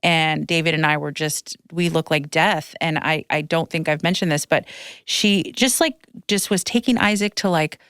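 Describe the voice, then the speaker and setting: A woman's voice: low voice, moderate pace, fairly bright tone, smooth, no room sound, studio quality. A woman in her thirties hosting a podcast, telling stories in a rambling, emotional way and tearing up as she talks. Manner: emotional, tearful, rambling storytelling. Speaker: podcast host. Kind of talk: casual chat. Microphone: podcast microphone.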